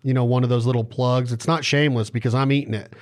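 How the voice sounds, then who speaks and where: A man's voice: medium pitch, fairly even intonation, fast. A man hosting a podcast in casual chat, playful and jokey, fond of wordplay. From western US. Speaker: podcast host.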